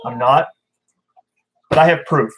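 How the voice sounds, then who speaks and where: A man's voice: medium pitch, unhurried, a bit bright, husky, rough recording. A man hosting a casual fishkeeping livestream, reading viewer comments and talking in a blunt, opinionated, rambling way. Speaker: fishkeeping channel host.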